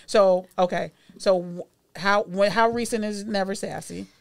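A woman's voice: mid-range voice, a little slow, gravelly. A woman hosting a podcast interview, chatting casually and encouragingly, laughing now and then. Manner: relaxed, encouraging, laughs often. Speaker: podcast host.

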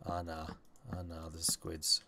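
This gaming host's deep, monotone voice keeps a measured pace against a noisy background. He comments casually on his gameplay, frequently muttering to himself and drifting into stories.

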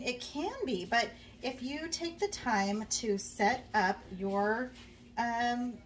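A young woman chatting casually to her viewers while cooking in her home kitchen, friendly and rambling, with lots of fillers. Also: medium pitch. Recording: faint background noise, a bit distant from the mic.

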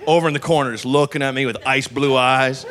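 A man's voice: mid-range voice, steady tone, quick pace, a bit bright. A man performing a stand-up comedy set on stage, telling a rambling story with lots of asides. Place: live comedy venue on stage.

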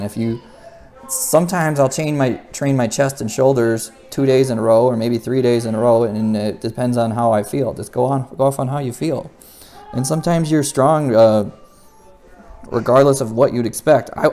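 Young male gym vlogger, easygoing and rambling, casual talk to camera. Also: mid-range voice. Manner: relaxed, rambling, with restarts. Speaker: weightlifter vlogger.

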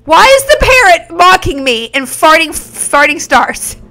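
A woman streaming a video game live, reacting excitably with yelps and exclamations. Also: extremely high pitch, a little slow. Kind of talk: live gameplay commentary. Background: faint game music.

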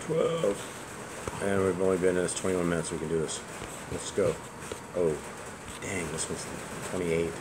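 A man checking dictated text as a proofreader, asking quick questions in a relaxed, encouraging way. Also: deep voice. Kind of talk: casual chat. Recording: noisy room, voice off-mic.

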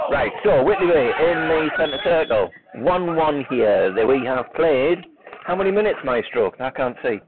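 A man giving amateur live football commentary while running the camera himself, rambling into joking, self-mocking asides between calls of the play. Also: mid-range voice. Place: outdoor football ground sideline. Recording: tinny phone-like live stream with crowd.

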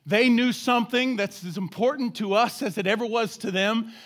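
A man preaching a sermon as a church pastor, asking the congregation questions and drawing them into call-and-response, dropping to a low, quiet voice on his key points. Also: normal speed. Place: church sanctuary.

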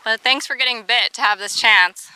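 A woman's voice: on the high side, moderate pace, bright, forceful tone, slight background noise, rough recording. A woman training her camel outdoors, snapping short firm commands and switching to cooing baby talk. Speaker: camel owner training animals. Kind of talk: outdoor animal training vlog. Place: outdoors in a rural yard.

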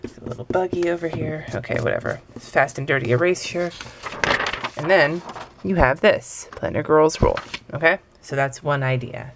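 A young woman gives a laid-back hand lettering lesson while she draws, tossing out self-deprecating remarks. Her low voice moves at a normal pace against a noisy background.

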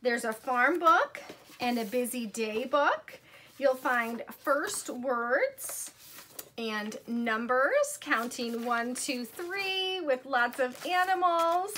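A woman's voice: sits high, lively intonation, takes it slowly, pushed and bright, slight background noise. A woman acting as a book consultant, showing off children's books in a casual, enthusiastic way, gushing and dropping frequent ums. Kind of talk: casual product showcase.

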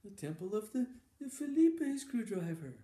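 An old mountain monk with a high, squeaky voice, put on by a man telling a joke, pushing out eager, broken English. The voice is mellow and rings in an echoey room. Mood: eager insistent. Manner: broken halting English, rising excited squeak. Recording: echoey room with faint ambience.

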